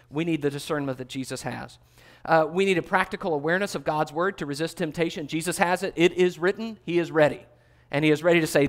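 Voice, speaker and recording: A man with a slightly higher voice leads a Bible study. He teaches in an easygoing, conversational way, stopping for fillers and small restarts. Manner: conversational, with fillers and self-corrections.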